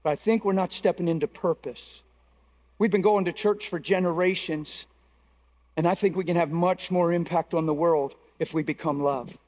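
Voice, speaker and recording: A middle-aged man preaching a sermon as a pastor, emphatic and animated, acting out dialogue from his stories. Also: on the high side, moderate pace. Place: large conference hall. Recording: long reverb of a large hall.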